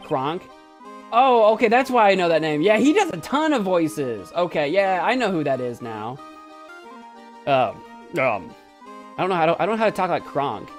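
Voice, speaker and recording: A man's voice: fairly high pitch, big pitch swings, moderate pace, soft background music. A young man hosting a casual let's play, rambling and self-mocking as he comments on the game.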